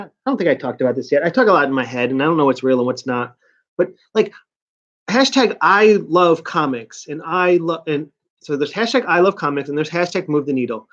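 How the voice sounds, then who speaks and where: A man's voice: on the high side, fairly bright tone. Ranting, profane man on muffled audio. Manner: ranting, profane, self-mocking. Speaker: vlogger and college student. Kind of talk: casual rambling vlog.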